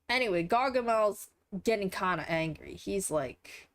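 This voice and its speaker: A woman's voice: lowish voice, normal speed, a little hiss or hum. A tired young woman with a congested, nasal voice, rambling casually through a recap with lots of fillers and swearing.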